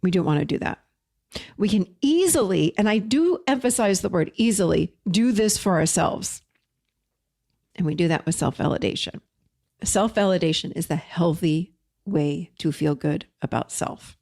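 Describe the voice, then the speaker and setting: A woman's voice: on the low side, normal speed, gravelly. Encouraging middle-aged woman giving motivational talk. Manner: warm encouraging, conversational, addresses viewers as you guys. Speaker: therapist and life coach.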